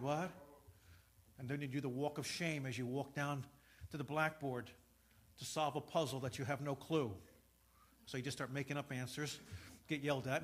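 A man's voice: a little high, a bit bright, breathy edge. A middle-aged man preaching a sermon, telling stories and acting out dialogue before rising to emphatic points. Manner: storytelling, acts out dialogue, rises to emphatic preaching. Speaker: pastor.

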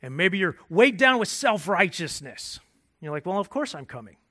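A man preaching a sermon as pastor. He repeats and restarts words as he searches for phrasing, and he builds from quiet emphasis to rising intensity. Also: sits high, very animated, moderate pace.

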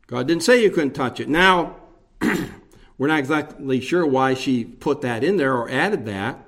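A man preaching a verse-by-verse sermon, explaining the text slowly with emphatic repetition and rhetorical questions. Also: mid-range voice, animated, a bit bright. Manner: slow, deliberate teaching with emphatic repetition. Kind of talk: expository sermon.

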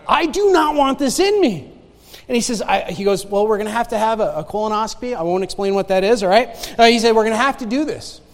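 A high-voiced man shares his personal testimony as a guest preacher, his voice echoing with a long reverb through the church sanctuary. Swinging between loud, exclaimed lines and quiet, rapid asides, he laughs frequently with the crowd as the story unfolds.

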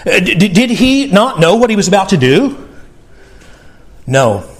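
A man's voice: high-pitched, sing-song, measured pace. Earnest pastor man, tender sermon voice. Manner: earnest, tender, repeats words when emphasizing.

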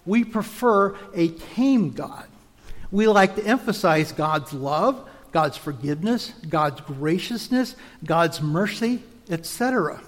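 A man preaching a teaching sermon, measured and explanatory, now and then restarting a word. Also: high-pitched, expressive, big-room sound.

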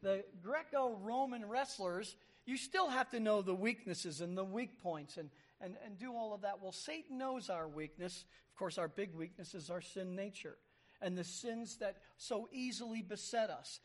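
A man's voice: high voice, moderate pace. A man preaching a sermon, explaining Greek words as he reads and stressing key words. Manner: emphatic, explains Greek word by word. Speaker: pastor.

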